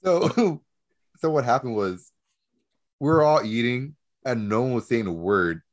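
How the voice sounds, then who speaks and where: A man's voice: medium pitch, expressive, a little slow. A young man in casual chat, telling stories with frequent laughs and casual swearing.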